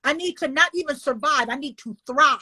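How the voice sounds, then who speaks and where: An older woman, an author and illustrator, talking in a folksy, emotional way on a video call interview. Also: fairly quick. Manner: expressive, folksy, emotional, swings up high when animated. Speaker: children's book author and illustrator.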